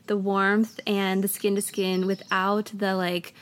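A woman in her thirties hosts a podcast in a loose, chatty way, often restarting sentences and filling gaps with "like." Her voice sits at a middle pitch for a woman. A faint hiss of background noise runs under the recording. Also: little pitch movement, slow pace. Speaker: podcast host. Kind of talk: casual conversational interview.

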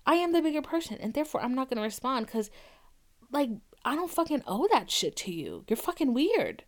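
Young woman podcast host, fairly high voice, blunt and foul-mouthed, animated storytelling. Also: fairly quick. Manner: blunt, profane and animated, acting out quoted arguments. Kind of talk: candid podcast talk.

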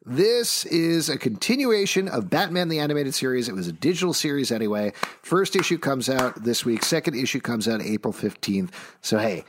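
Man, podcast co-host, casual comic review chat, chatty delivery, middle pitch. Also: expressive, noisy background. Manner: chatty, reads out book credits briskly.

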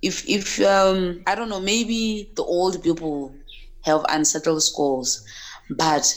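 A woman from Africa speaks as a podcast guest, in a fairly low voice. She talks earnestly, often restarting and repeating words as she works through her thoughts. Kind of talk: casual interview chat.

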